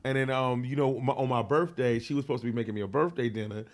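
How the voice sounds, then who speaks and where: A man telling a wild personal story in an interview, slangy and profane, full of fillers, getting loud and animated as he acts it out. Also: medium pitch, fast. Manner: grows loud and animated when reenacting. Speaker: interview guest.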